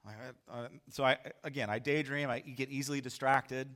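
A male pastor telling a story in a sermon, animated and acting out his own lines loudly. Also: mid-range voice, moderate pace.

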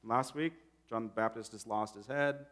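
A man in his thirties, a pastor, preaching a sermon in a conversational, animated way and acting out quotes. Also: on the low side, normal speed.

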